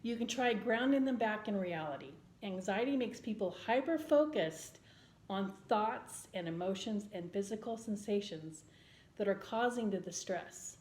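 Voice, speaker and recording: A woman vlogger in casual chat, speaking earnestly and gently with frequent ums and restarts. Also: medium pitch, animated, normal speed. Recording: roomy indoor echo.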